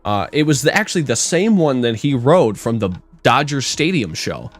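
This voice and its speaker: A young man co-hosting a podcast, telling stories in a casual, animated way, swearing and acting out the people he quotes. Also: medium pitch, moderate pace, soft background music. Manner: animated, swearing storyteller who acts out quotes loudly. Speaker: podcast co-host. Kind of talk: casual storytelling chat.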